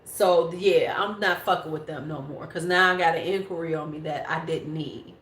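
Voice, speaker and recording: A woman's voice: low-pitched, moderate pace, hardly any pauses, a bit bright, slight background noise. A woman in her forties hosting a beauty livestream, chatting casually and bluntly with viewers and swearing freely. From United States. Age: 40s. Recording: echoey room.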